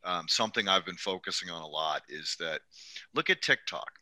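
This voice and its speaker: Bright, lively man, dry close sound. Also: sits low, a little fast. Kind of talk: casual chat.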